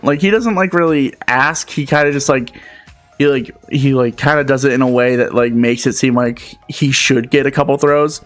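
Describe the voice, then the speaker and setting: Give me a young male talk show host ranting with profanity, exasperated and rambling, over faint music. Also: medium pitch. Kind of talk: ranting storytelling.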